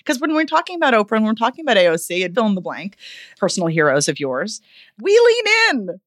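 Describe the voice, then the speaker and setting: Animated woman vocal coach, lively pitch. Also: quick pace, no echo, clean studio sound. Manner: animated, expressive, wide pitch swings. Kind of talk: podcast interview.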